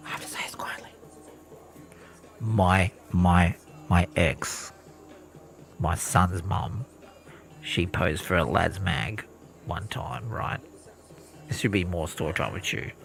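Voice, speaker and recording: A man's voice: low-pitched, slow pace, creaky, long pauses, a bit bright, soft background music. A man streaming live, telling a rambling, profane story with lots of restarts. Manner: rambling, swears freely, restarts a lot. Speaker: game streamer.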